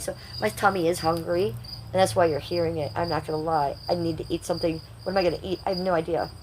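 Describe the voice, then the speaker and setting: A woman's voice: on the low side, a little mellow, slight background noise, rough recording. A woman hosting a casual livestream, rambling and confiding as she talks straight to her viewers. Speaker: livestream host.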